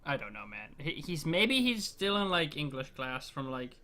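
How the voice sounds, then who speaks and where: A man casting an esports match in a casual, excitable way, often laughing and swearing. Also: a little high, moderate pace. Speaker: esports caster.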